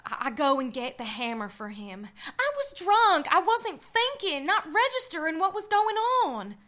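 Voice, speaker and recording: An actress playing a drunk, frightened young woman who narrates her own ordeal, halting and stammering. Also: sits high, big pitch swings, fairly bright tone. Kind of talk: first-person audio drama narration.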